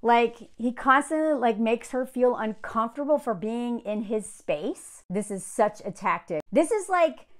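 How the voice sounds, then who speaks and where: A woman from the Southern US talks in a chatty, sarcastic way. Her voice sits high and swings widely up and down. She talks like a commentator picking apart a dating show. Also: lively intonation, measured pace, few pauses. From Southern United States. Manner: chatty, sarcastic, mocks others in put-on quotes. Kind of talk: casual reaction commentary.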